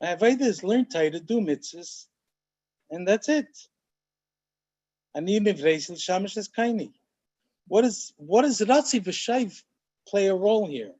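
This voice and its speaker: A man, a rabbi, teaching a Torah study class in an animated, emphatic way. He often slows down to stress key phrases and mixes in many Hebrew and Yiddish terms. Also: high voice.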